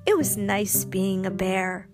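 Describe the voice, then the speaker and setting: A woman reading a children's story aloud, expressive and lively. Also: medium pitch, slow pace, music in the background.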